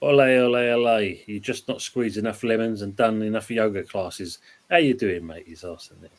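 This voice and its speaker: Male host, casual football show; easygoing, reads live chat aloud, fairly low voice. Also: moderate pace. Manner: laid-back, reads viewer comments aloud.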